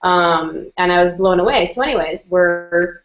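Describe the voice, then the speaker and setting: A woman's voice: lowish voice, measured pace. A woman telling a personal story in casual chat, filling her talk with "like" and "um" and acting out what people said. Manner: chatty, lots of "like" and "um", acts out quoted lines. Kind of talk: casual storytelling on a video call. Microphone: video call. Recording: roomy, muffled video-call audio.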